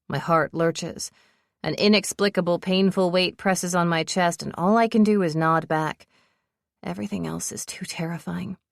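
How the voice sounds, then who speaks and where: A woman's voice: on the low side, steady tone, moderate pace, creaky, no echo, clean studio sound. A woman narrating a romance audiobook in first person, telling the story with breathless urgency.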